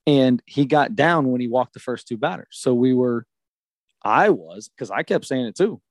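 A man recounting a story with animated emphasis, his voice sitting at an ordinary middle pitch. The sound is dry and close, with no room around it. It is a casual podcast chat. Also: normal speed, no room sound. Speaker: youth baseball coach.

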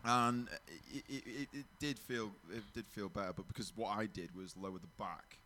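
A man's voice: fairly even intonation, normal speed, sharp tone, slight background noise. A man co-hosting a casual, sweary car podcast. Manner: sweary, laughing, mimics others in high squeals. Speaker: podcast co-host.

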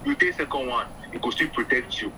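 Doctor guy in nigerian pidgin, bright and lively, explains patiently. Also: medium pitch, fairly quick, slight background noise, low-quality recording. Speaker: doctor guest. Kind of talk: explaining on radio.

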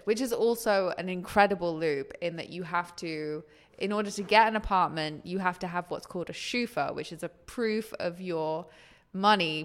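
Woman, lower voice, measured and wry, casual chat. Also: fairly bright tone. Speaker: former nursery teacher. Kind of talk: casual group discussion.

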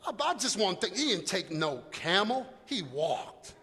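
A middle-aged man preaching a sermon in a humorous, conversational way, now and then shouting for emphasis. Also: sits high, sing-song, normal speed. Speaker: pastor. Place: church hall. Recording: long echo of a large hall.

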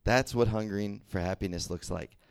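Fairly low-pitched and creaky, this young youth preacher from the American South talks briskly through a relaxed sermon with no room sound. "Right?" and "okay?" pop up often as he checks on his audience.

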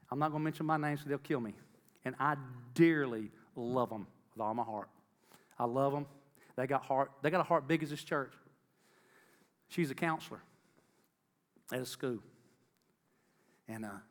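A man's voice: on the high side, big-room sound. A middle-aged man giving an earnest testimony sermon to a congregation, repeating phrases for emphasis and calling out to the crowd. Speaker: lay preacher.

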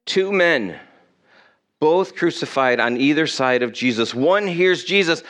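A man's voice: fairly high pitch, lively intonation, measured pace, fairly bright tone. A man preaching a sermon to his church in a conversational way, asking his listeners questions. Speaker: pastor.

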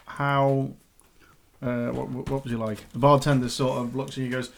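A man's voice: medium pitch, little pitch movement, moderate pace, creaky. A man acting as dungeon master, narrating a tabletop game in a chatty way with laughing asides.

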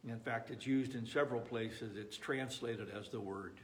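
A man's voice: medium pitch, steady tone, normal speed. Earnest man preaching a sermon. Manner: earnest, pleading, with frequent restarts. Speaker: pastor.

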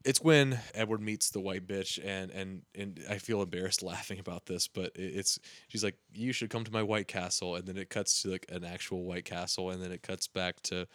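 A man's voice: low voice, fairly bright tone, no room sound. A man hosting a casual movie podcast, leading segments and swearing freely. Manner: leads segments, swears casually, quick laughs. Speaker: podcast host.

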